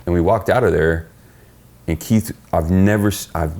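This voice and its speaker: Gravelly deep-voiced man telling stories. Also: normal speed. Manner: profane, animated storyteller acting out quoted dialogue. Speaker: podcast guest. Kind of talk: casual storytelling chat.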